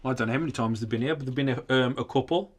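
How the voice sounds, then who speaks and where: A British man, a paranormal investigator, slowly and softly calling out to spirits during a ghost hunt. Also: mid-range voice. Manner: slow, hushed, coaxing.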